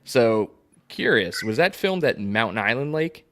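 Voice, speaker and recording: A man's voice: medium pitch, big pitch swings, measured pace, fairly bright tone. A man hosting a casual livestream podcast, opening with an upbeat welcome. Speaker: host.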